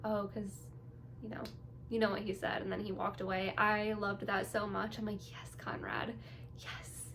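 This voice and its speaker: A woman's voice: mid-range voice, flat delivery, moderate pace, background noise. A young woman vlogging her reactions to a TV episode in casual, bubbly, gushing chat. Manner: gushing, bubbly, full of "like" and "you guys".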